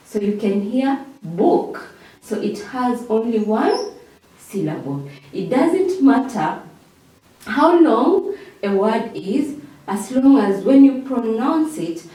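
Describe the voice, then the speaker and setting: A woman's voice: mid-range voice, mellow. A woman teacher, giving a revision lesson, who repeats key words and checks in with "okay?". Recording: very echoey room, mic far off.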